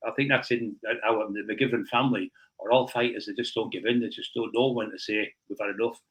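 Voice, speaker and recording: A man as an interview guest, telling rough stories bluntly and swearing freely. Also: fairly low pitch, steady tone, brisk, a bit bright, poor audio. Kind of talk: blunt storytelling in a casual interview.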